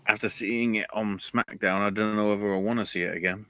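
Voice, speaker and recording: A man's voice: fairly low pitch, steady tone, fairly quick, bright, forceful tone, no echo. A man hosting a podcast, recapping wrestling in a casual way with offhand, wry asides. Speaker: podcast host.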